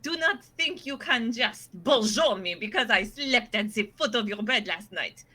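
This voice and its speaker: A woman's voice: on the high side, animated, a little slow, bright, forceful tone, heavily acted. A woman voicing a haughty, disdainful pampered female house cat with a mock-French manner. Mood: scornful. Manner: mock-French, grandly scornful.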